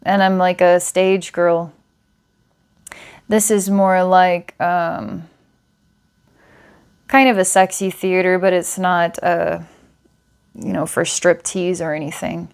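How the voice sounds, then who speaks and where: A woman's voice: on the low side, little pitch movement, takes it slowly, long pauses, clear, resonant tone. A woman psychic giving a client a past-life reading, meandering with filler words and small laughs. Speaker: psychic reader.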